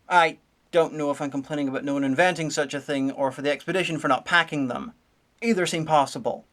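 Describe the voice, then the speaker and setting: A woman giving a sarcastic, nitpicking comedic review, full of deadpan asides. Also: deep voice, fast talker. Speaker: video reviewer.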